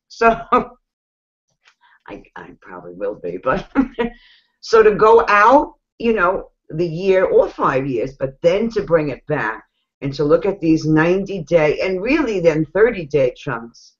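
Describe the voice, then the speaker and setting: A woman with a New York accent giving casual coaching advice, chatty and animated, laughing often. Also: on the low side, a little slow. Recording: dull lo-fi sound.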